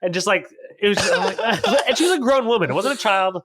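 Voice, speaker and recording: A man's voice: high-pitched, lively intonation, fast, a bit bright, no echo. A man co-hosting a podcast, chatting casually and telling stories in a blunt, exasperated way. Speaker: podcast co-host.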